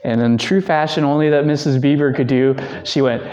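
A man teaching a church theology class, conversational and answering questions, acting out quotes in lively raised voices. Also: medium pitch, fairly quick, muffled recording. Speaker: Bible teacher.

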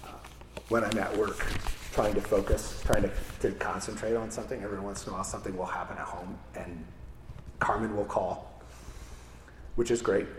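A man's voice: lowish voice, flat delivery, moderate pace, long pauses, a little hiss or hum. A man preaching a conversational sermon, often asking "right?" and restarting his words. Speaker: pastor. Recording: echoey hall with faint ambience.

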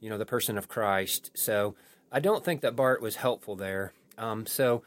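A man who is a pastor, talking through a sermon on a podcast in a thoughtful way with frequent restarts. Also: fairly low pitch. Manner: thoughtful, halting with many restarts. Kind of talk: post-sermon podcast discussion.

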